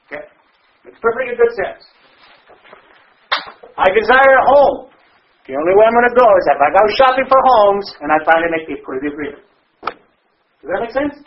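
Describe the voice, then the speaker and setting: Man, high voice, blunt conversational speaker at a recovery meeting, questions the room; dull lo-fi audio. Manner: conversational, asks the audience rhetorical questions; blunt, with occasional cussing. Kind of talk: personal share to a group. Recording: dull lo-fi recording.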